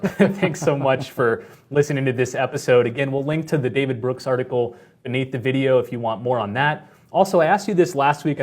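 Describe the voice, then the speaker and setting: A man in his thirties hosting a podcast, speaking in a friendly, measured way as he asks questions and closes the episode. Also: mid-range voice. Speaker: podcast host. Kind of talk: podcast conversation and outro.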